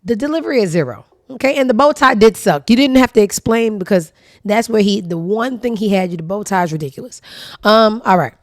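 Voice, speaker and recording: A woman's voice: medium pitch, animated, a little fast. A woman hosting a casual commentary show, sassy, blunt and profane, speaking. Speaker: host.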